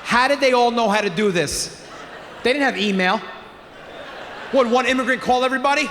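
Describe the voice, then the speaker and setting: Loud middle-aged comic. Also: male voice, extremely high pitch, brisk, pauses often. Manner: loud, animated storytelling. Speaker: stand-up comedian. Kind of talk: stand-up comedy set. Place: theater stage with live audience. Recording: live hall reverb, faint room noise.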